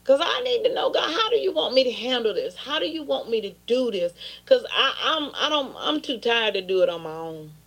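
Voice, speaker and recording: A woman's voice: on the high side, very animated, a little fast, few pauses, fairly bright tone, breathy edge. A woman pastor preaching an impassioned sermon, often turning into pleading prayer.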